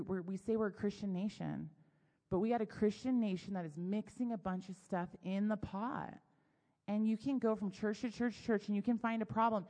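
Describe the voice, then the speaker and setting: A woman in her thirties giving a sermon, mixing candid, self-deprecating family stories with Bible teaching. Her pitch sits in an ordinary middle range. The sound carries the long reverb of a church hall. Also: a little mellow. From United States. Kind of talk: personal storytelling sermon.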